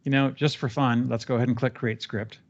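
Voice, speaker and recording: A man guiding a trainee step by step through a software training session, relaxed and chatty with fillers. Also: medium pitch, brisk, lo-fi sound. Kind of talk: live screen-share training session.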